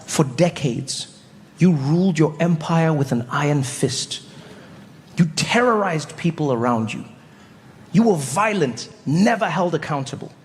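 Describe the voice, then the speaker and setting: A man performing stand-up comedy, telling animated stories full of voice impressions. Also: fairly high pitch, a little slow. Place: comedy stage before an audience. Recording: live in a reverberant venue.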